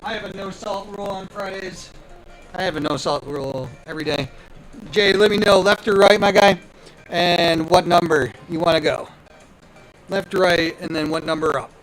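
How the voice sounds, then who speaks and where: A man's voice: high-pitched, moderate pace, a bit bright, soft background music, rough recording. A man hosting a live card-opening stream, hyped and playful, talking straight to his viewers. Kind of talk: excited live stream chatter.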